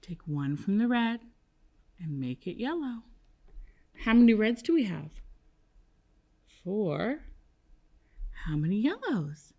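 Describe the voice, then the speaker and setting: A woman teaching a kindergarten math lesson on television, leading the children in slow sing-song call-and-response counting. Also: medium pitch, big pitch swings, darkish tone.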